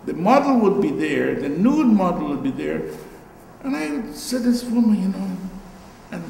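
Slow, gravelly older Guyanese man. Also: high-pitched, very animated, mellow, reverberant, big-room sound, a little hiss or hum, poor audio. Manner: reflective, storytelling, trailing asides. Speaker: artist. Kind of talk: gallery talk. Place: gallery.

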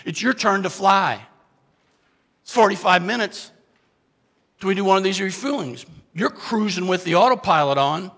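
Addressing an audience as a keynote speaker, a man tells a dramatic story, posing questions to listeners and shifting between loud, urgent bursts and hushed, confessional lines. His voice sits high, his pace is moderate with long pauses, and the sound carries a big-room feel.

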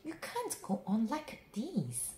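Woman voicing a big fed-up male toad, scolding, storybook, very lively pitch, roomy sound. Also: slow, slight background noise, exaggerated voice. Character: large grumbling male toad neighbor.

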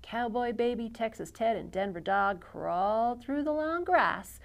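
A woman hosting a storytime for young children, reading picture books aloud with an expressive, animated delivery. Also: a little high, unhurried, creaky, few pauses. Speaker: children's librarian.

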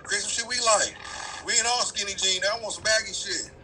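A man's voice: high voice, fairly quick, soft background music, rough recording. A middle-aged man talking on a radio show, swearing freely and laughing often as he tells stories. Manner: animated, profane, storytelling with frequent laughs. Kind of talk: casual radio chat.

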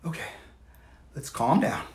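A woman co-hosting a storybook show, chatting in an animated, playful way. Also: a little slow. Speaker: co-host. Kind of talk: casual chat.

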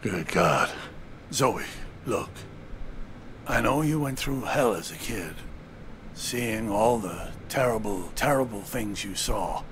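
An actor playing a gentle, weary old grandfather who is losing his memories, speaking in a soft, comforting way in a video game. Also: lowish voice, expressive, slow pace, slight background noise. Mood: earnest. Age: older. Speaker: grandfather character.

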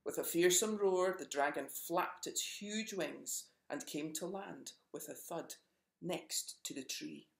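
A storyteller reading a children's picture book aloud, gentle and expressive. The voice has a gravelly, fry-tinged texture at a middle pitch. The recording carries a roomy echo. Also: slow.

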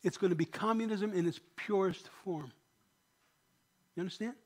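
A man's voice: high voice, normal speed. A man, a pastor, preaching a sermon in a church, emphatic and often asking the congregation questions.

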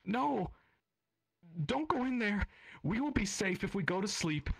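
Man doing a high, teary little girl. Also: very animated, measured pace, creaky, a bit bright, breathy edge, heavily acted. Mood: pleading, fearful. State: crying. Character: frightened little girl, tearful and stubborn.

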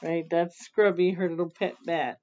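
A mother reading a picture book aloud to children, adding gentle teaching asides, on a slightly dull recording. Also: fairly low pitch, flat delivery, moderate pace.

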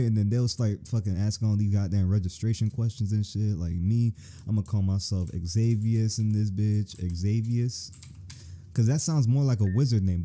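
A man hosting a gaming channel, playing through a fan game with excitable, joking and profane banter. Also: lowish voice. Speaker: YouTube gaming host. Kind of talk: casual let's-play commentary.

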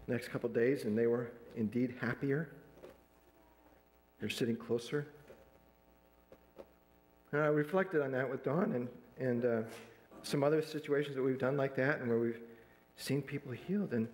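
A man's voice: medium pitch, a little mellow, roomy sound, rough recording. A man preaching a sermon, retelling a counseling story and acting out the lines of the people in it. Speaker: pastor. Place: church sanctuary.

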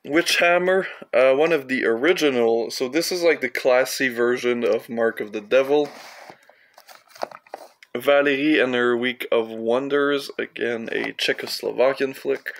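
A man's voice: medium pitch, measured pace, a bit bright, a little hiss or hum. A young man from Canada rambling casually through his film collection, with offhand, profane asides.

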